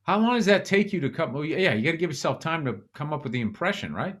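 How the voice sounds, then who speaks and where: A man's voice: fairly high pitch, expressive, quick pace, fairly bright tone. A man hosting a podcast, chatting casually and asking curious questions, swearing now and then. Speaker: podcast host. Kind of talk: casual chat.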